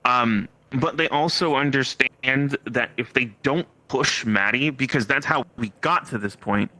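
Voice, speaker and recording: A man chatting casually out of character, an animated storyteller. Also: mid-range voice, measured pace, poor audio. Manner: animated storyteller, breaks into laughing shouts.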